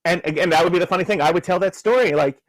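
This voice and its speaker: A man with a slightly higher voice co-hosts a casual podcast and rambles through personal stories. He leans on fillers like "like" and "you know", and the sound is dry and close with no room echo. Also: rapid-fire. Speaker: podcast co-host.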